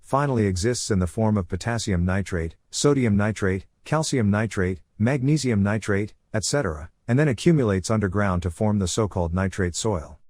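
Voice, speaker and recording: A man reading a scripted story recap in a flat, even narration style on a close mic. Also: lowish voice, moderate pace, few pauses, no echo.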